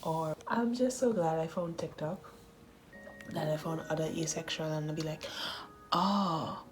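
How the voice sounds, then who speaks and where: A woman of thirty talking candidly in a casual voice-over, often laughing and dropping into soft, whispery asides. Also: low-pitched, moderate pace, soft background music. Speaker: art channel host.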